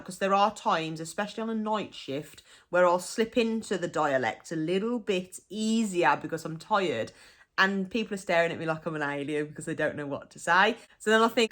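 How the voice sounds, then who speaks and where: Giggling and relaxed, a young woman vlogger explains the dialect of her home region, the Black Country in England, speaking with its accent. Her pitch is fairly low, and her tone has a touch of brightness.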